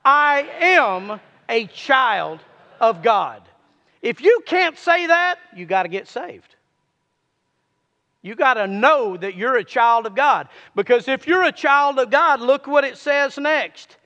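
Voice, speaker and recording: A man's voice: very high-pitched, expressive, a little slow, pushed and bright, in a large hall, muffled recording. A man preaching a sermon, urging his listeners to repeat lines back to him.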